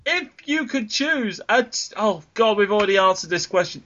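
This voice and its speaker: A man hosts a casual podcast, reading out listener questions in a grumbling, exasperated way. His voice is high and lively, with a bright edge. The recording is dull and lo-fi. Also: moderate pace, hardly any pauses. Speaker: podcast host.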